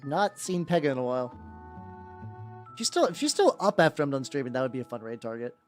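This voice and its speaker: Rambling streamer with a lively voice. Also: medium pitch, fast talker. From United States. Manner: rambling, swears often, many restarts. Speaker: vtuber painting miniatures on stream. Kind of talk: casual stream chat. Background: faint background music.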